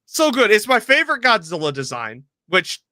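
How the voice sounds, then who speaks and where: A man's voice: high voice, wildly swooping pitch, moderate pace, bright, forceful tone, no room sound. A man co-hosting a casual podcast, telling rambling, profane stories. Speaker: podcast co-host. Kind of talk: casual chat.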